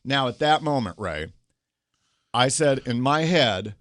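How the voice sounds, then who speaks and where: Man, middle-aged, host, coaching storyteller, dry recording, animated. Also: mid-range voice, measured pace, no echo. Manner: storytelling, animated acted quotes. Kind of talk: casual talk show conversation.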